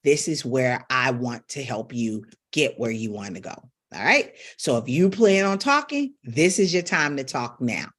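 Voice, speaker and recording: A woman's voice: extremely low pitch, very animated, unhurried, few pauses, fairly bright tone. A middle-aged woman vocal coach giving a live-streamed voice lesson, speaking directly to her viewers.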